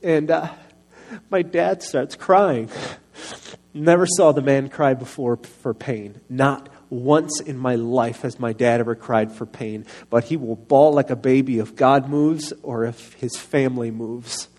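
A middle-aged man preaching a personal testimony sermon into a microphone, earnest and confessional, often soft-spoken. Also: mid-range voice, a little slow.

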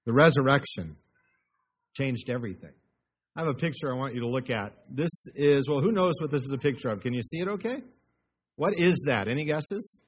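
An American man, a pastor, preaching a sermon in a church, speaking conversationally and putting questions to the congregation. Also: fairly high pitch. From United States.

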